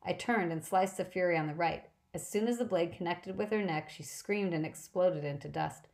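A woman narrating a novel in a brisk, lively first-person audiobook reading. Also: lowish voice, gravelly.

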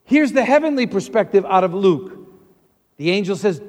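A male pastor with a high voice delivers an animated sermon in a church hall. He acts out the voices of people he quotes as he goes, and a long reverb trails after his words. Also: normal speed.

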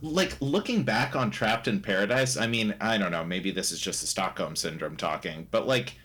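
A man's voice: on the low side, expressive, normal speed, fairly bright tone, husky. A young man co-hosting a casual movie chat, rambling with restarts and laughing often. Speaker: podcast co-host reviewing a movie.

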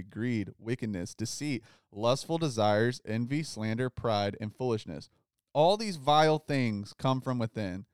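A man hosting a podcast, talking through a Bible passage in a relaxed, casual way, often saying "like" and reading scripture aloud. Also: mid-range voice, smooth, no echo, studio quality. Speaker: podcast host. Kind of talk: casual Bible study chat.

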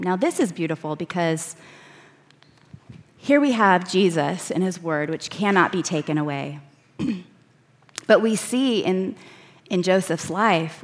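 A woman preaching, reading scripture verses aloud and slowing down to stress key words. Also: fairly low pitch. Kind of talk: sermon.

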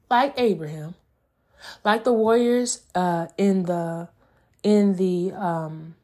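A woman's voice: medium pitch, darkish tone. Fervent woman preaching on a podcast. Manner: preaching, fervent, addresses listeners as y'all. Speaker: podcast host. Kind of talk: faith-based podcast monologue.

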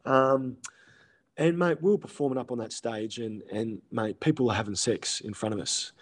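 A man's voice: medium pitch, normal speed. A young man with an Australian accent, chatting casually as a podcast guest, rambling with lots of fillers and restarts. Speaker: guest, male stripper.

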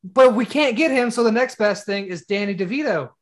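A man's voice: sits high, fairly quick. A man co-hosting a podcast in casual chat, leading topics bluntly with lots of swearing. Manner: leads topics, blunt and profane. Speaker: podcast co-host.

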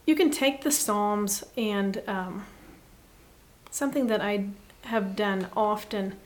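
A woman guest giving an earnest, reflective faith talk, often dropping to a soft hush. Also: mid-range voice, slow pace. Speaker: podcast guest.

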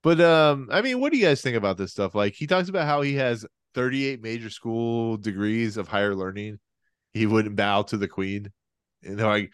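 Clear and resonant, the lowish voice of this male podcast co-host moves at a normal speed through casual conversation. He rambles and keeps restarting his sentences; the dry recording is of studio quality.

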